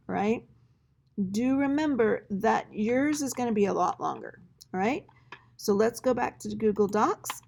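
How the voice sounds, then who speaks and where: A woman's voice: medium pitch, a little mellow. A woman teacher walking students through an assignment in a screen-recorded tutorial, talking conversationally and checking in often with "all right?".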